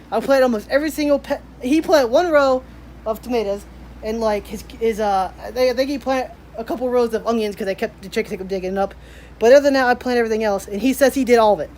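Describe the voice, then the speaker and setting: A woman's voice: on the high side, slight background noise. Young female daily vlogger, casual walk-and-talk, rambling, outdoor camera sound with faint insects. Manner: rambling, chatty, frequent "like" fillers. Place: outdoors in a garden. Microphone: handheld camera while walking.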